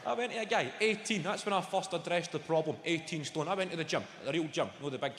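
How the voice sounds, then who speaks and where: A young Scottish man performing a stand-up comedy routine, telling swearing, animated stories and doing impressions of people. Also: high voice, fast talker, hardly any pauses. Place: large comedy venue on stage. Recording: echoey hall with live audience noise. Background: audience laughter.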